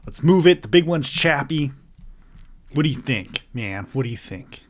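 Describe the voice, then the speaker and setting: A man co-hosting a movie podcast, laid-back, blunt and quick to laugh. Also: medium pitch, animated, a little hiss or hum. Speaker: podcast co-host. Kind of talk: casual movie podcast chat.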